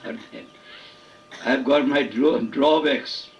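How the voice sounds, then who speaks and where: An older man from India with an Indian accent, giving a devotional lecture as a spiritual teacher in a slow, halting, deliberate way. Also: medium pitch, muffled recording, slight background noise.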